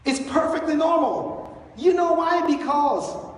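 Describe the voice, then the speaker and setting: Animated pastor in an echoey hall. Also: male voice, very high voice, a little slow. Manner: animated, storytelling with playful asides. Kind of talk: Easter sermon. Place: large church sanctuary. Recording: echoey church hall, distant mic.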